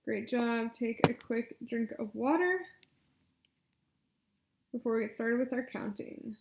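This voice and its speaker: A woman leading speech exercises, coaching patiently with encouragement and loud spoken demonstrations. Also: a little high, a little slow, creaky, a little hiss or hum. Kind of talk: guided exercise instruction. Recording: echoey room.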